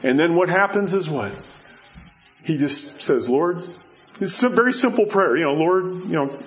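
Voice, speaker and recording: A man preaching a sermon as a pastor, talking in a loose, conversational way with many fillers and animated storytelling. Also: on the high side, moderate pace, faint music behind. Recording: dull lo-fi sound.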